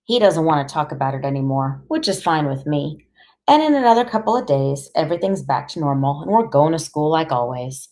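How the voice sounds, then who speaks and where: A woman's voice: low voice, big pitch swings, brisk, a little mellow. Woman reading a first-person audiobook. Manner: plain, conversational, as a teenage boy. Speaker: audiobook reader.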